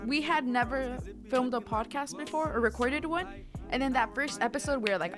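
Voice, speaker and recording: A woman's voice: high voice, fairly quick, over music. Giggly young woman co-hosting a podcast. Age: young adult. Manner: giggly, playful, drops in Spanish words. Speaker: student podcast co-host. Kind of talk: casual chat.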